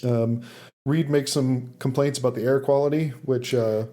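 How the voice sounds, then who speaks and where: A man's voice: mid-range voice, fairly even intonation, normal speed, dark tone. A man co-hosting a podcast, casually recapping an episode with fillers and laughs. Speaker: podcast co-host summarizing the episode. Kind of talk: casual chat.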